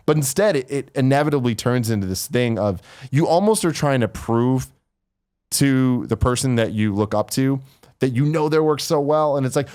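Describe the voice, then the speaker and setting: A man's voice: medium pitch, animated, normal speed, darkish tone. A man co-hosting a podcast in casual chat, telling stories and acting out what people said. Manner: storytelling, acts out quoted voices. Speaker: podcast co-host.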